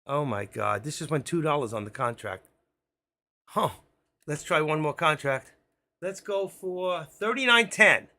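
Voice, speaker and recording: A man giving excitable, frantic live commentary on his options trades, talking straight to viewers. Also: on the high side, unhurried. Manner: excitable, frantic, swears mildly, talks to viewers as folks.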